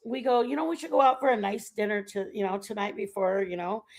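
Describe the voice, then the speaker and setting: A woman streaming a casual chat, telling a rambling travel story in an animated way and laughing often. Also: mid-range voice, a little fast. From Texas. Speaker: stream host.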